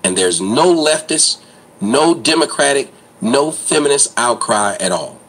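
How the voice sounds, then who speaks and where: A man's voice: mid-range voice, lively intonation, unhurried, a bit bright, husky, poor audio. A man hosting an online commentary show, ranting in a blunt, crude, mocking way.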